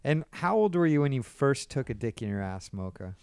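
A woman's voice: extremely low pitch, big pitch swings, fairly quick, a little mellow, smooth. A woman hosting a casual podcast interview, asking blunt, probing questions. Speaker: host.

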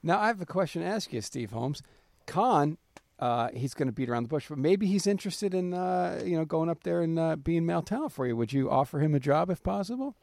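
A man's voice: on the high side, animated, a little fast, gravelly, hardly any pauses, darkish tone, dry recording. A man hosting a podcast in a casual, teasing, crude and joking way. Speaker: podcast host. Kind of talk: casual chat.

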